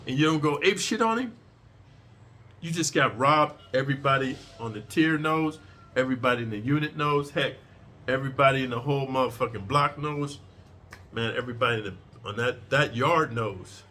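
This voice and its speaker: Forceful, profane prison storyteller man. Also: mid-range voice, brisk, a little hiss or hum. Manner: profane, streetwise, lecturing. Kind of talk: casual storytelling.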